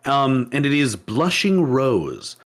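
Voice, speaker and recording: A man's voice: medium pitch, sing-song, slow pace. A man co-hosting a podcast in casual chat, rambling with restarts and laughing often. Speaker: podcast co-host.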